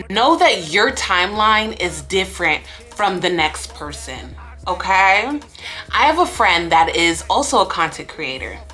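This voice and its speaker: A woman's voice: mid-range voice, sharp tone. A woman in her late twenties, a content creator sharing life lessons in a chatty, emphatic way and acting out little scenes. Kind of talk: casual life-lesson vlog.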